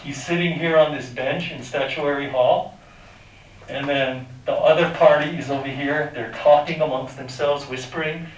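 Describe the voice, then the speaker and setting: A man's voice: a little high, recorded from a distance, slight background noise. Man teaching math in an echoey classroom. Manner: informal, quizzes students, makes sound effects. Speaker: high school math teacher. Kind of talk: classroom lecture.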